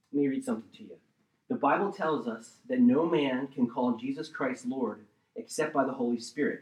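A man with a medium-pitched voice preaches and teaches from the Bible in a room with noticeable echo. He alternates between loud, emphatic bursts and quiet asides, often checking in with his listeners.

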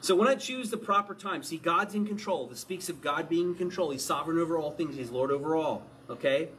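A man preaching a sermon in an animated way, often asking his listeners questions. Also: a little high, brisk, slight background noise. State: out of breath.

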